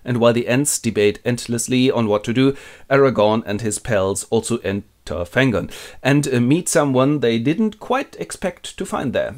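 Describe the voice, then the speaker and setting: A man's voice: expressive, normal speed. Playful man narrating a comic retelling. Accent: German. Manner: playful, switches into squeaky voices for characters. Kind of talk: comic storytelling with quick character voices.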